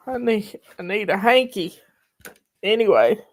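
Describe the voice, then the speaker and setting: Slow, teary woman host. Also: on the high side, expressive. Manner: folksy, warm-hearted, emotional, drawling. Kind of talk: casual live video chat.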